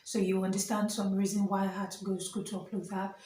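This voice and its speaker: A woman's voice: medium pitch, flat delivery, fast talker, mellow, far from the mic, slight background noise. Young woman, Nigerian accent, casual vlog, earnest and chatty, echoey room. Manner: chatty, earnest, many fillers and asides. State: standing while filming. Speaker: vlogger. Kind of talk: casual vlog talk to camera.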